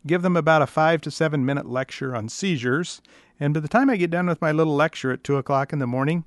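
A man's voice: fairly high pitch, quick pace, dry recording. Wry middle-aged male vet, dry. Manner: dry, wry anecdotes with quoted callers. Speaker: veterinarian. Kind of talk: storytelling monologue.

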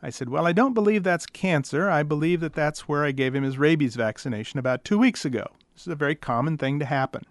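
A middle-aged veterinarian delivers a storytelling monologue, dryly and wryly recounting the questions his callers ask. His voice is a little high, and he talks at a quick pace with hardly any pauses. There's no echo.

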